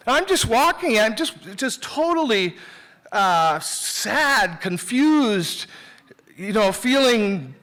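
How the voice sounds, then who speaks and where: A man's voice: high-pitched, very animated, takes it slowly, sharp tone. A man telling a personal story live on a theater stage, candid and self-mocking, talking conversationally with restarts.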